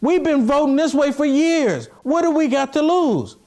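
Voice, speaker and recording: High-voiced man preaching his opinions. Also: normal speed. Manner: animated, preachy, drawing the listener in. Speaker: co-host of a political talk show. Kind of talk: casual political discussion.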